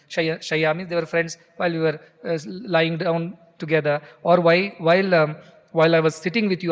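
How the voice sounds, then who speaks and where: A man with an Indian English accent giving a scripture discourse, chanting Sanskrit verses and explaining them in English, sometimes pleading in a character's voice. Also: a little high. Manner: speaks in Arjuna's pleading voice at times. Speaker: spiritual teacher. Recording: long hall reverb.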